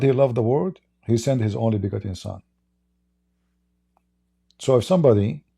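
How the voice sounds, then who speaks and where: With a creaky, husky, mellow medium-pitched voice, a man with an Arabic accent hosts a live-streamed debate commentary as a Christian apologist. He's emphatic, throwing rhetorical questions at his viewers.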